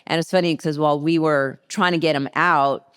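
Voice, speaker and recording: A middle-aged woman, a podcast guest, telling a story in a lively, casual way and acting out the people in it. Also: low-pitched, brisk, smooth. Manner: lively anecdote teller who acts out quoted people.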